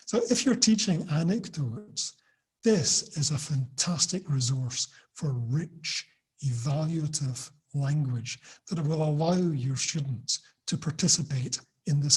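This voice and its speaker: A man from Britain giving a lively online talk to teachers, often laughing and acting out quoted lines. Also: a little high, slightly rough. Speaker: teacher trainer. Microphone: video call.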